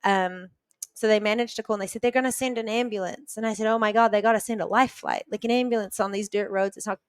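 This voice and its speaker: A woman from New Zealand, a podcast guest, earnestly retelling a personal story with quick restarts. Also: medium pitch, steady tone, clean tone, dry recording.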